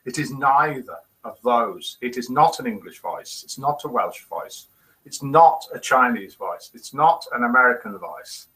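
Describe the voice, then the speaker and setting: A middle-aged British man hosts a casual daily live morning show, reading viewers' guesses aloud with playful, chuckling quiz-master banter. His mid-range voice is animated, pushed, and bright, and he speaks at a measured pace on a rough recording.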